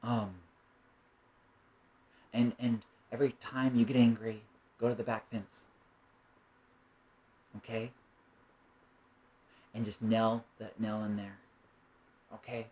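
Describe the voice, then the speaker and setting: A man playing a loving, patient parent who speaks in a hushed, soothing voice. Each line is calm and reassuring, delivered within a spoken story. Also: lowish voice, fast talker, slight background noise, lightly acted.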